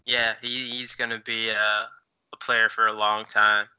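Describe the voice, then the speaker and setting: A man's voice: lowish voice, little pitch movement, moderate pace, sharp tone, clear, resonant tone, poor audio. A man co-hosting a podcast in casual chat, rambling with many fillers as he looks things up while talking. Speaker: podcast co-host.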